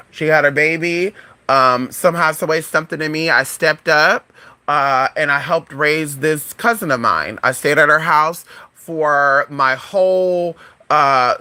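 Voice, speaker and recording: A woman's voice: low voice, bright, forceful tone, no room sound. A woman in a casual storytime vlog, telling a frank, profane story in a chatty way. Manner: acts out other people's voices in quotes. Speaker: vlogger.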